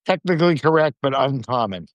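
A man's voice: mid-range voice, expressive, brisk, dry recording, lo-fi sound. A man co-hosting a casual podcast chat, easygoing and chatty. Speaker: podcast co-host.

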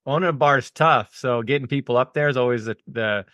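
A man's voice: mid-range voice, a little fast, fairly bright tone, no room sound. A man co-hosting a podcast, talking in a laid-back, rambling and enthusiastic way. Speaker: podcast co-host. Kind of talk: casual chat.

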